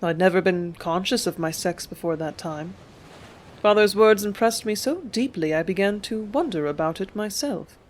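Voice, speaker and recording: A woman reading a first-person memoir as an audiobook narrator, calm and measured. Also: mid-range voice, a little hiss or hum.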